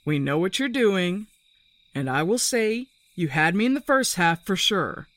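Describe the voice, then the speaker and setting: A woman reading aloud, voicing a desperate young man who shouts orders to his friends in the woods. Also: lowish voice, very animated, a little slow, dry recording, pitched above the performer's own voice. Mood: forced bravado.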